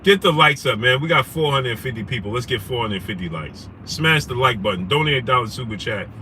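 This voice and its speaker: A young man, hosting a casual livestream, telling a story animatedly and shouting out viewers. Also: medium pitch, animated, brisk. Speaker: livestream host. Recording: noisy street background.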